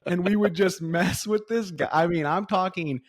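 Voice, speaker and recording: A man's voice: sits high, normal speed, no echo, studio quality. A man telling stories in a casual podcast chat, acting out the voices as he goes. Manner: animated storyteller, acts out voices.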